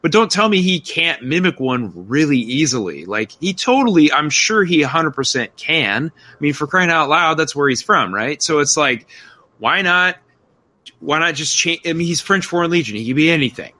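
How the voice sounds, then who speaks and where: A man in casual film review chat, animated and incredulous, rambling with many restarts. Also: on the high side, normal speed. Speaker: podcast co-host.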